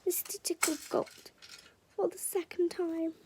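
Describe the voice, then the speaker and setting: A woman's voice: very high voice, level tone, a little slow. A woman reading a children's picture book aloud, often dropping to a whisper and adding chatty asides to her listeners. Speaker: storyteller.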